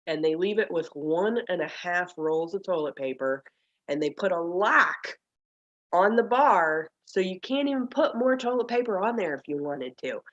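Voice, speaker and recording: Woman, lowish voice, self-mocking storyteller, laughs often, muffled call audio. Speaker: group member. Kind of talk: casual group video call chat.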